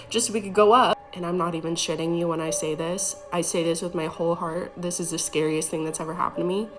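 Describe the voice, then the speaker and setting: A woman in casual storytime mode, talking in a relaxed, rambling way full of "like" and getting more animated as the story turns tense. Her voice sits a little on the low side, and music plays steadily underneath. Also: quick pace, hardly any pauses. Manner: chatty, filler-heavy, animated when tense. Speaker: former EMT. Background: background music.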